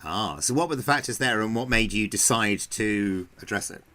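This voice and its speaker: A man's voice: on the low side, normal speed, bright, forceful tone. A man with a posh English accent hosting a podcast, asking questions in a friendly, hesitant way with many fillers. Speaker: podcast host. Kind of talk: casual interview.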